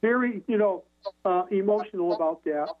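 On a radio call-in, a male hypnotherapist guest tells casual stories over the phone, rambling with many restarts and fillers. His voice sits high, and he keeps a moderate pace.

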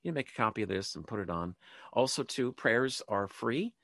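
A man's voice: lowish voice, lively intonation, quick pace, creaky, no room sound. A man hosting a spoken show, talking in a rambling way with many ums and restarts, and leading listeners in a short prayer. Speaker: host. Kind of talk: casual spoken talk show monologue.

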